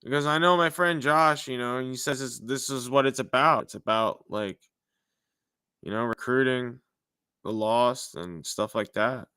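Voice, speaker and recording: Bright, tense-voiced male livestream preacher. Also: medium pitch, unhurried, clean tone, no room sound, clean studio sound. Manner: casual, chatty with viewers, uses "dude" and "you know". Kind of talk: casual livestream testimony and prophecy.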